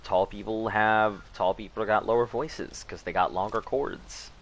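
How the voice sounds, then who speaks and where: A man's voice: lowish voice, fairly even intonation, unhurried. A man hosting a game live stream, chatting casually and rambling, laughing at his own jokes. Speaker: gaming live-stream host.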